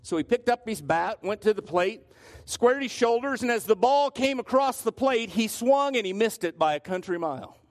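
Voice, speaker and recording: A man's voice: high voice, lively intonation, normal speed. A male pastor preaching a sermon, telling stories and often restarting his phrases. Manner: storytelling with frequent restarts.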